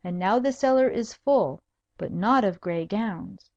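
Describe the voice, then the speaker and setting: Female audiobook narrator, measured storybook reading, dry muffled sound. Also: medium pitch, lively intonation, creaky, a little mellow, no echo. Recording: dull dry recording.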